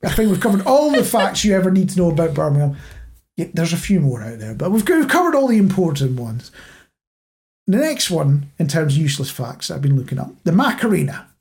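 A man's voice: on the high side, sing-song, brisk, a little mellow. A man co-hosting a podcast in casual chat, rambling and self-mocking as he tells stories. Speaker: podcast co-host.

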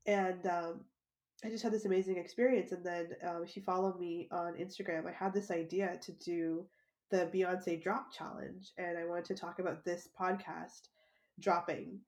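A woman's voice: on the low side, level tone, moderate pace, a little mellow. A woman hosting a podcast, telling a personal story in a casual, chatty way, with frequent laughter and plenty of "like" as filler. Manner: chatty, laughs often, lots of "like". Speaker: podcast host.

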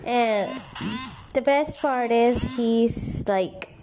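A woman's voice: fairly high pitch, drawn-out words, noisy background. Candid young woman confiding to viewers. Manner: candid, rambling, emotional confiding. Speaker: vlogger. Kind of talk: casual storytime vlog.

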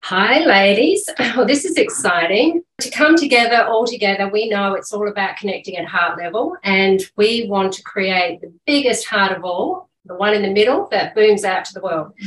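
A woman spiritual healer opens an energy cleansing in a nurturing, unhurried voice. She sits back from the microphone. The room adds a clear echo. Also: mid-range voice, fairly bright tone, slight background noise. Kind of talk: guided spiritual talk. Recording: echoey room, distant from mic.

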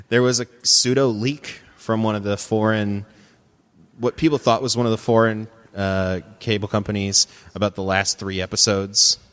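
A man with a fairly low voice co-hosts a relaxed podcast chat. He talks things through, corrects himself and laughs easily. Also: moderate pace, clean tone. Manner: thoughtful, self-correcting, laughs often. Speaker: podcast co-host. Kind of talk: casual podcast discussion.

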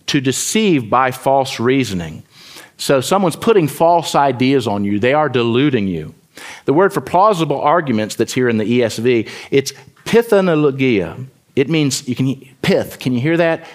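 A man preaching a sermon as pastor, building to sudden loud emphatic bursts and dropping back to a conversational tone. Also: mid-range voice. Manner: mimics voices in quoted asides.

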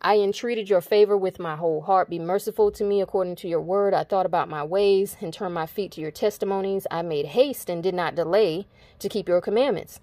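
A preacher reads Bible verses aloud, then breaks off with casual asides to explain them in an informal reading. She has a warm, medium-pitched voice, speaks briskly, and there's no echo.

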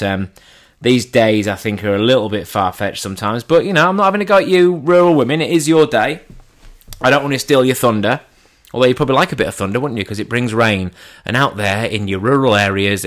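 A man giving a comedic monologue in an irreverent, deadpan way, his pitch jumping up for punchlines.

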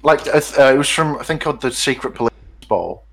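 A man chatting casually with friends, telling a story quickly with lots of fillers and restarts. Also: mid-range voice, lively intonation, vocal fry, fairly bright tone, rough recording. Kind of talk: casual group chat.

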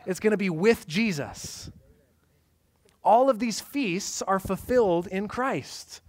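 A man preaching a sermon, swinging from loud, emphatic lines to hushed, quiet passages. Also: sits high, animated, slow. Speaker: pastor.

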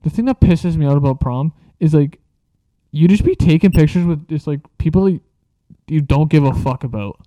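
A young man spins a casual storytime monologue, rambling through filler words and swearing without a second thought. His voice sits somewhat high but sounds soft and mellow. The recording is dry and slightly muffled, with a lo-fi dullness. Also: animated, moderate pace, dry recording. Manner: rambling, profane, filler-heavy.

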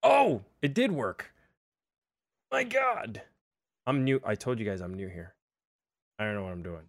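A man's voice: fairly low pitch, sing-song, measured pace, no echo, studio quality. A young man hosting a casual livestream, chatty and self-deprecating, with lots of fillers. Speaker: livestream host.

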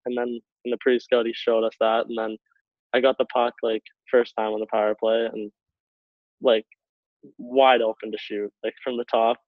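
A young man, a hockey player, telling a story in a rambling casual way, full of likes and quick laughs. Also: mid-range voice, no room sound. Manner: rambling, many likes, laughs between phrases. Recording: tinny phone-like line, dry.

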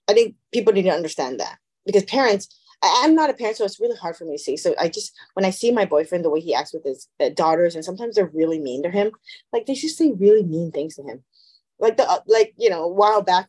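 A woman co-hosting a podcast in casual chat, telling stories animatedly and acting out the people she quotes. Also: mid-range voice. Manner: animated storyteller, acts out quoted voices. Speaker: podcast co-host.

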